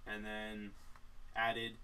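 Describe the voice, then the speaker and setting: A man's voice: fairly low pitch, completely flat delivery, drawn-out words, pushed and bright, clean tone. A man co-hosting a live stream, reading out viewer comments and adding dry teasing remarks. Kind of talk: casual chat. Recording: distant mic with faint hiss.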